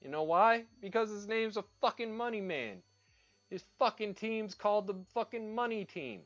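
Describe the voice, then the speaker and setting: A man's voice: high-pitched, expressive, normal speed, a bit bright, muffled recording, faint music behind. A man chatting casually while he paints on a livestream, ranting and swearing freely as he rambles from one opinion to the next.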